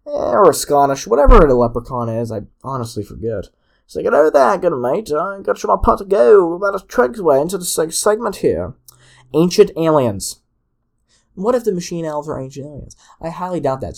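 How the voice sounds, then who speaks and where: Rambling, joking male podcast host. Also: mid-range voice. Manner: rambling and joking, with many restarts. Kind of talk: solo podcast commentary.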